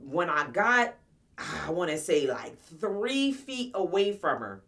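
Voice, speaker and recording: A woman's voice: fairly low pitch, big pitch swings, slow pace, a bit bright, recorded from a distance. A woman in her forties casually telling a personal story to her viewers, blunt, slangy and profane. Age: 40s. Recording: voice somewhat off-mic.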